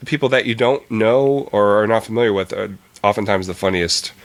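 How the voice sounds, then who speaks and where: A man's voice: fairly low pitch, a little fast. A man co-hosting a casual podcast chat, easygoing and frank with his opinions. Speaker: podcast co-host.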